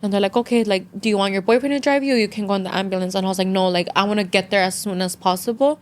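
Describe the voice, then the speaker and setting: Her mid-range voice comes out rapid-fire with fairly even intonation. She's a young woman guesting on a podcast, casually telling a story in a blend of English and Spanish, peppered with "like," and her earnest, emotional retelling brings her near tears.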